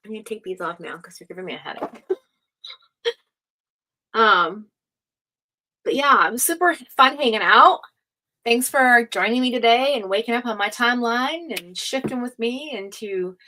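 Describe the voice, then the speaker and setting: A woman's voice: a little high, pushed and bright, low-quality recording. A woman doing a casual live-stream tarot reading, chatty and gushing with lots of fillers. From United States. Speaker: tarot reader.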